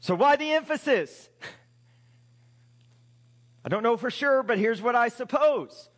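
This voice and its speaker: A male pastor with a very high voice delivers a sermon in a conversational, emphatic way, throwing rhetorical questions at his congregation. His words ring out with a long reverb from a church hall. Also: lively intonation, unhurried, a bit bright.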